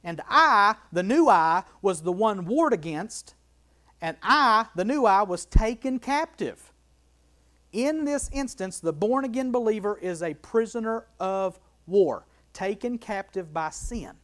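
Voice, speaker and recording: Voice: mid-range voice, lively intonation, unhurried, a bit bright. Emphatic Bible teacher, repeating phrases. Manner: emphatic, repeats key phrases, asks rhetorical questions.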